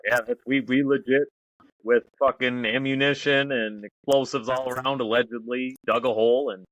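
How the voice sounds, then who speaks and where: A man's voice: medium pitch, steady tone, moderate pace, fairly bright tone, no room sound. A man co-hosting a casual chat, joking and profane and laughing often. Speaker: podcast co-host, army veteran.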